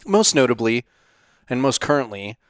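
A middle-aged man hosting a casual monologue, answering viewer questions in a blunt, profane, animated way. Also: medium pitch, moderate pace, no room sound, studio quality. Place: home studio.

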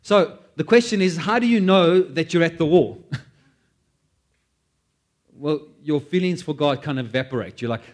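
A man preaching a sermon, animated, acting out quoted prayers and joking at his own expense. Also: a little high, moderate pace, long pauses. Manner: animated, acts out quoted prayers, self-deprecating asides. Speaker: pastor.

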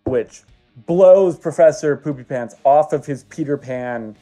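Slow, halting man spinning a story. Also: a little high, dark tone, faint music behind. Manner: slow, halting narration with many pauses. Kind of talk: improvised comedic storytelling.

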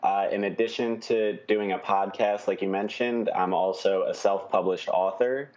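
A man in his twenties, a podcast guest talking about himself in an earnest, steady way. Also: deep voice, normal speed, lo-fi sound. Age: 20s. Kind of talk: casual interview.

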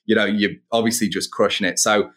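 Male podcast host, upbeat and encouraging, a lower voice. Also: steady tone, fairly quick, a bit bright. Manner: upbeat, hyping up the guest. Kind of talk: casual interview.

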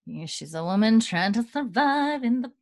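A woman's voice: a little high, expressive, moderate pace, no echo, clean studio sound. A young woman co-hosting a podcast, animatedly retelling a TV episode and acting out the characters' lines, with lots of "like" fillers. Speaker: podcast co-host recapping a TV episode. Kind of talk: casual chat.

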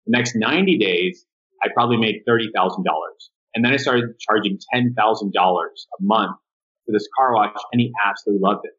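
A man's voice: on the low side, a little fast, muffled recording. A man being interviewed on a podcast, talking casually about his marketing agency and acting out quotes as he tells stories. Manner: animated storyteller who acts out quotes. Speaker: guest, marketing agency owner.

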